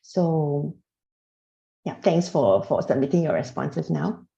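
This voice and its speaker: A woman's voice: low-pitched, expressive, takes it slowly, creaky, mellow. A woman giving an online tax lecture on a video call, talking hesitantly with many fillers and restarts. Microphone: computer mic on a video call. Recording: roomy, dull lo-fi video call audio.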